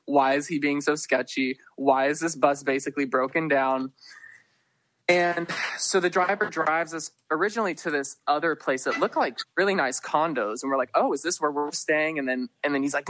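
A man's voice: on the high side, a little fast, fairly bright tone, no echo. A man guest on a podcast, telling a long story in a rambling way, full of fillers and acted-out quotes. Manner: rambling, heavy use of "like", acts out quotes. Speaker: podcast guest, festival attendee. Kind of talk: casual storytelling.

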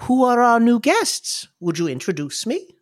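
A man voicing a kind, frumpy older woman healer who speaks gently. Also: very high voice, very animated, unhurried, pitched above the performer's own voice, exaggerated voice. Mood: gentle.

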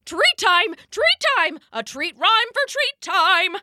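A woman voicing an excitable, treat-obsessed young male pet dog in a storybook, with shouty, overexcited outbursts. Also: very high voice, a little slow, very noisy, voice pushed up, heavily acted. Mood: gleeful. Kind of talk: storybook character voice.

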